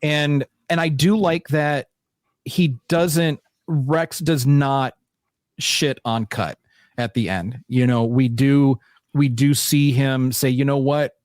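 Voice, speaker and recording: A man co-hosting a casual fan podcast, talking in an animated, jokey and profane way. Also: mid-range voice, takes it slowly, no room sound, clean studio sound. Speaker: podcast co-host. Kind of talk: casual chat.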